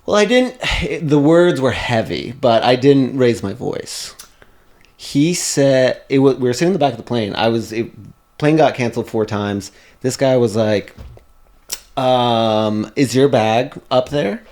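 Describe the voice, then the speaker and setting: A man hosting a casual podcast, telling sassy, animated stories. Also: mid-range voice, unhurried. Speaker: podcast host.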